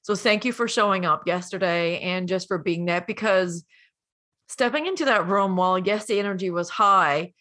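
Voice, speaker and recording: A woman's voice: lowish voice, normal speed. A woman who coaches and hosts, speaking emotionally and encouragingly to a guest, near tears at times. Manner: warm, encouraging, tearful at times. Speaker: coach and host. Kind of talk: emotional conversation.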